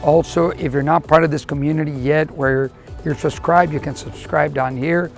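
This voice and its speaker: A man delivering a motivational talk to camera, folksy and conversational, circling back to repeat his lesson. His voice is gravelly, with a fair amount of creak, and sits a little higher than most men's. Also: fairly even intonation, moderate pace, soft background music. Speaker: motivational speaker. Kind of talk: motivational storytelling monologue.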